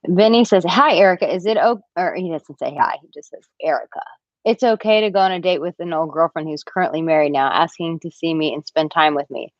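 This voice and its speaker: A woman in her thirties answers viewers on a live-stream, voicing their comments in playful squeaky impressions. Her voice sits a little low for a woman. The sound is dry and a bit dull, like a home webcam mic. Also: a little fast, no room sound. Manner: chatty and animated, acts out quotes in a high squeaky voice. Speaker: dating and relationship coach. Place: villa room, at home.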